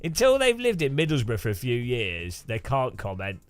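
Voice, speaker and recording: A man's voice: medium pitch, huge pitch swings, normal speed, clear, resonant tone, no echo, faint music behind. A man chatting and joking with viewers while sim racing, laughing often. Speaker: streamer.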